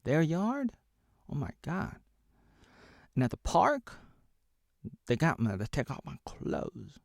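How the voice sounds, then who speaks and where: A man's voice: fairly high pitch, huge pitch swings, slow, gravelly, no echo, clean studio sound. A man in his thirties from Oregon, rambling through a playful, absurd comic monologue to camera, drifting into whispers and silly asides. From Oregon, USA. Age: 30s. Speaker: video creator.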